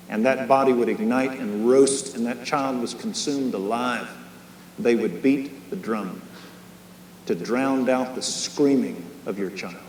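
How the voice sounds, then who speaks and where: A man teaching a Bible study as a sermon, impassioned, swinging from hushed tones to raised, emphatic lines. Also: medium pitch. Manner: leads a closing prayer. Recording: echoey hall, faint hum, 1990s.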